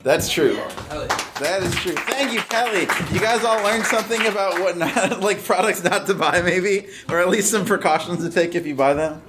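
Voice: medium pitch, moderate pace, fairly bright tone. A chatty host introduces the next storyteller in a loose, offhand way. The voice sits mid-range, with a faint hum of the room behind. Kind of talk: introducing acts at live show.

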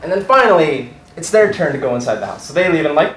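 Excitable young man telling a story. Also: high voice, normal speed, roomy sound, rough recording. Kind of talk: live personal storytelling.

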